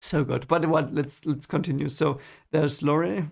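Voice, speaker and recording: Gravelly, rambling male streamer. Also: fairly high pitch, fairly even intonation, normal speed. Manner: rambling and enthusiastic, with many fillers and repeated words. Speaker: streamer reading webcomics aloud. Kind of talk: casual stream chat.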